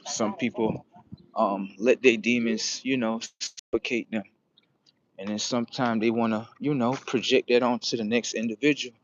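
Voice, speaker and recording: A young man livestreaming outdoors near a street on his phone, rambling casually and profanely, with sudden loud excited bursts. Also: medium pitch, no room sound, dull audio. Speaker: livestream host.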